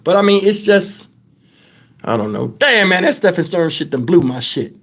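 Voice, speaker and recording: Man, middle-aged, high voice, casual livestream host, blunt, profane, shaken, talking to chat. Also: very animated, normal speed, a bit bright.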